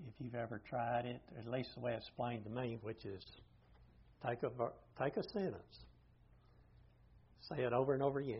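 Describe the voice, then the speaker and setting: Speaking to a group in an informal Bible study, an older man teaches plainly and thinks out loud along the way. His voice is mid-range, husky, with vocal fry, heard through a dull lo-fi recording.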